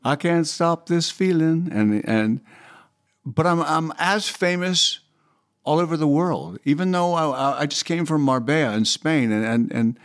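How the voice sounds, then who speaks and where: A man's voice: a little high, expressive, a little slow. An older man, a guest in an interview, telling stories in a rambling way, repeating words and now and then breaking into bits of song. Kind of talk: animated storytelling.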